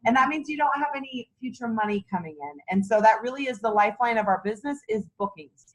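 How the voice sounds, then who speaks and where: A woman's voice: a little high, lively intonation, quick pace, low-quality recording. A middle-aged woman leading a sales team meeting, giving an enthusiastic, folksy motivational talk on booking.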